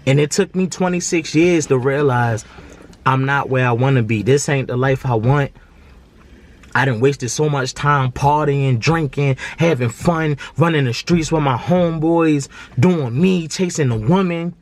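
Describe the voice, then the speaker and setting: A man's voice: a little high, no room sound. A man, talking earnestly to camera in a slangy, repetitive way. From Baltimore. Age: 20s. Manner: earnest, preachy, slangy, repeats himself. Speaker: vlogger. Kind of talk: casual heartfelt monologue to camera.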